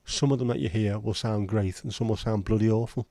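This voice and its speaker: Man, casual livestream chat, rambling, chatty, blunt, low-pitched, dry. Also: fairly even intonation, a little fast, dark tone, no room sound. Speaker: livestream host.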